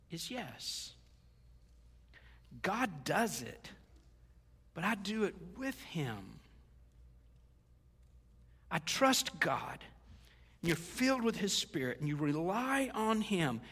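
A man's voice: sits high, sing-song, slow, pauses often, a bit bright, breathy edge. A middle-aged male pastor preaching a sermon in a conversational, joking way, slipping into quoted asides. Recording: long hall reverb.

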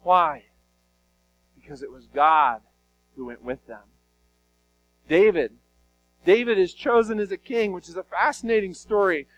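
A man preaching a sermon, retelling Bible stories in an animated, conversational way. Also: high voice, unhurried, long pauses, rough recording. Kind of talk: sermon storytelling.

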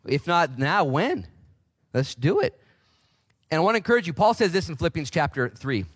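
A man in his forties preaching a casual, energetic sermon as pastor in a church, with big swings in pitch. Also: normal speed, husky, no echo, studio quality. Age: 40s.

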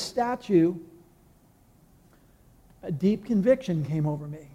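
A man's voice: high-pitched, normal speed, mellow. A man pastor preaching a sermon with passion, acting out the voices of people he quotes. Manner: impassioned, acts out quoted voices. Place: church hall. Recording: long hall reverb.

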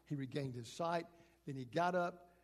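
A man's voice: a little high, normal speed. A man preaching a sermon, reading scripture aloud dramatically and acting out the quotes. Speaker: pastor. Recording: long hall reverb.

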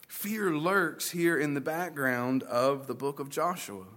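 A man's voice: medium pitch, moderate pace, hardly any pauses, bright, forceful tone. A man preaching a sermon to his church, speaking conversationally with folksy asides and playful paraphrases. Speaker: pastor.

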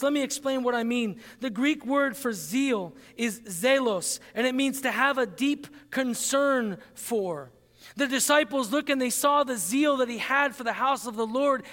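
A man preaching a sermon as pastor, earnest and emphatic, slowing down to stress key phrases. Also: extremely high pitch, a bit bright, in a large hall.

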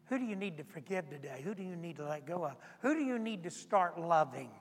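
A high-voiced man preaching as pastor, swinging from fervent near-shouts down to hushed, earnest lines. His voice rings out through the long reverb of a large church hall. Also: expressive, fairly quick. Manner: impassioned, rising to near-shouts then dropping low. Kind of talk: sermon. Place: church sanctuary.

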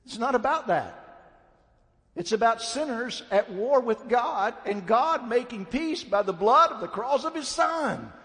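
High-voiced preacher in a reverberant hall. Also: male voice, expressive, measured pace, a bit bright. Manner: blunt, emphatic preaching with rising fervor. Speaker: pastor. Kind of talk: sermon. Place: church sanctuary.

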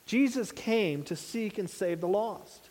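A man's voice: sits high, expressive, unhurried, darkish tone, in a large hall. A man preaching a sermon in an earnest, conversational way, asking his listeners rhetorical questions. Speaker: pastor.

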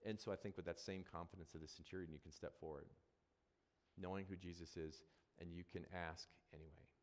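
A man's voice: deep voice, fairly even intonation, brisk, long reverb tail. A man preaching a sermon as a pastor, talking conversationally and repeating phrases for emphasis.

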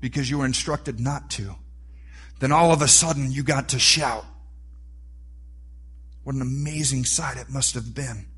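A man preaching a sermon, animated and rising to near-shouts for emphasis. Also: mid-range voice, a little slow, long pauses, husky. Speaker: pastor.

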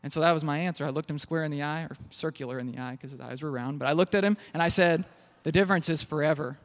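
A man's voice: a little high, rapid-fire. A young man preaching a sermon in a church hall, telling jokey stories. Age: young adult. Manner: storytelling, jokey.

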